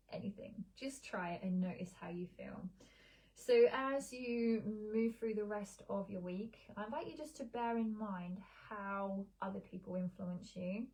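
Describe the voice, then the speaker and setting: Middle-aged woman meditation teacher, calm and gentle pacing, mellow low-key tone with some vocal fry. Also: rough recording. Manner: soft, slow, soothing guidance with gentle pauses. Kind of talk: guided meditation and casual live-stream talk. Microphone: streaming live on a social video stream.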